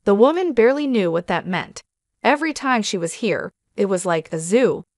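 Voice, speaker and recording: A woman's voice: mid-range voice, lively intonation, moderate pace, a little mellow, no room sound. Woman narrating a story, dry close sound. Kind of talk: scripted narration of a first-person story.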